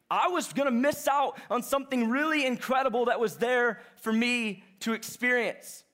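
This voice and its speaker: A young adult man preaching a sermon, telling a story in an animated, chatty way. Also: extremely high pitch. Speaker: pastor.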